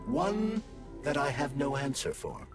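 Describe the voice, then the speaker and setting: Cool clinical male AI, very animated intonation, game voice. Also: mid-range voice, over music. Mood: analytical. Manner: measured, formal, clinical. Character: calm analytical male AI companion.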